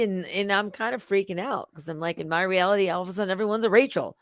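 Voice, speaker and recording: A middle-aged woman hosting a live stream, rambling casually and swinging between loud outbursts and muttered asides. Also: medium pitch, fast talker, dry recording, clean studio sound.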